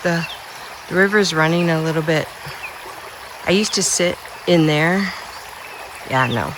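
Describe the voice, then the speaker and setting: A woman in her fifties talks slowly and unhurriedly, frank and blunt, laughing between thoughts. She is outdoors by a river, with soft natural sound faintly behind her. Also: sits low, noisy background. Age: 50s. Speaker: vlogger. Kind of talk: candid personal storytelling.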